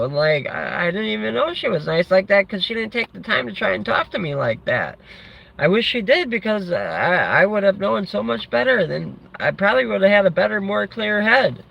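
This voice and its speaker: Gravelly, high-pitched ranting man. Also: animated, moderate pace. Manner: angry, profane, rambling with many restarts. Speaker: vlogger. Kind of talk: ranting storytime vlog. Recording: lo-fi with faint background noise.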